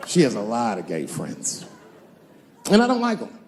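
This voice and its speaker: A man performing a stand-up comedy set, telling stories with animated delivery and acting out other people's voices. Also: medium pitch, normal speed, a little hiss or hum. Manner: animated storytelling, acts out characters' voices.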